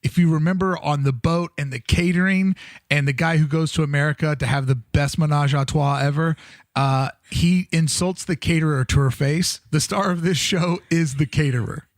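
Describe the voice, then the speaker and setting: Animated man co-hosting a podcast. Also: fairly high pitch, moderate pace, no echo, studio quality. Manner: animated, jokey, swears freely. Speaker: podcast co-host. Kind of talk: casual chat.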